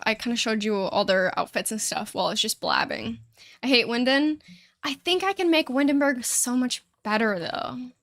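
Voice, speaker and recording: A woman's voice: on the high side, a bit bright, no echo, studio quality. A young woman streaming a life-sim game, chatting casually and rambling with frequent laughs and casual swearing. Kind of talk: casual livestream chat while playing a life-sim game.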